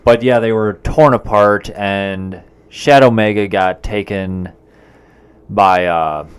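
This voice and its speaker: A man talks through a film's plot on a podcast in a relaxed, casual way. He speaks slowly, pausing often with "um" and "uh". His voice is smooth and clear and sits a little low. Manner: unhurried, hesitant with many fillers. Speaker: podcast co-host. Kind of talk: casual movie recap chat.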